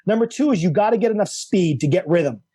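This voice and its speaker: Middle-aged guy coach talking excitedly on a podcast, high voice, dark mellow tone. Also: fast, slightly rough. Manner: animated, emphatic, repeats key words. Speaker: guest, coach and author. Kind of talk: enthusiastic explanatory conversation.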